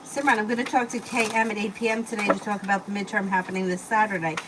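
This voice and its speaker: Here a woman talks fast in a mid-range, fairly even voice as she hosts a live tarot stream at home. Viewer questions get read aloud first, followed by loose, casual answers sprinkled with fillers, and background noise runs through the recording.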